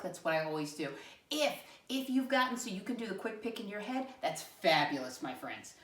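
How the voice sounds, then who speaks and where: A woman teacher walks young children through a math lesson, encouraging and animated. Her voice sits fairly low and swings widely in pitch as she coaxes answers. She sounds a little off-mic, in an echoey room. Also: distant mic. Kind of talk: first-grade math lesson video.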